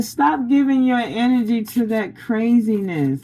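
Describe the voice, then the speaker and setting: A woman's voice: on the high side, animated, unhurried, few pauses, rough recording. Blunt, preachy woman tarot reader. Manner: blunt, preachy, laughs often, slangy. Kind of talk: casual spiritual pep talk.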